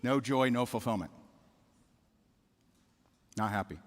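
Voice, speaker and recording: A man's voice: medium pitch, slow pace. Candid man speaking in a big hall. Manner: candid storytelling, repeats words, asks the audience questions. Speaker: keynote speaker. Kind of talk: motivational speech. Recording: reverberant hall.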